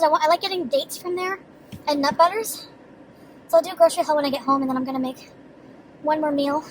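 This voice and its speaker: High-voiced rambling woman vlogger. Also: slight background noise, poor audio. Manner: chatty, rambling, giggly, swears freely. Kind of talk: casual rambling vlog chat.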